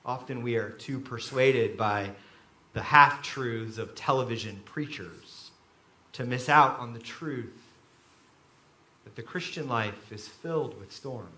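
A man preaching a sermon to a room full of listeners, swinging between quiet reflection and loud emphasis as he acts out quoted voices. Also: medium pitch, slow, roomy sound. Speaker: pastor. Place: large room with an audience.

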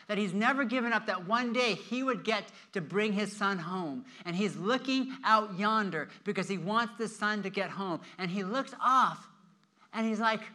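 A man preaching a sermon, telling a story with animated delivery and acting out the characters' lines. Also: high-pitched. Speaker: pastor.

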